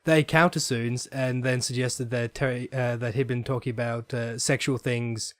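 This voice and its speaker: A man's voice: medium pitch, fairly even intonation, normal speed, no room sound. A young man, a podcast guest, telling stories in a casual chat with easy laughs. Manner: storytelling, laughs into impressions.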